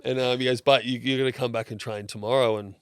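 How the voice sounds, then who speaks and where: A man's voice: medium pitch, steady tone, quick pace, clean tone, no room sound, clean studio sound. An Australian man in his thirties, telling stories in a blokey, casual way, swearing freely and acting out what others said. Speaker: podcast guest. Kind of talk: casual storytelling chat.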